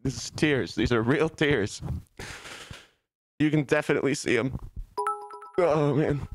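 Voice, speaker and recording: A male streamer sits on a beanbag in his office, doing a mock-melancholy, self-pitying comic bit in casual stream chat and breaking into laughs. His voice is medium in pitch and a little slow. Faint music plays behind him.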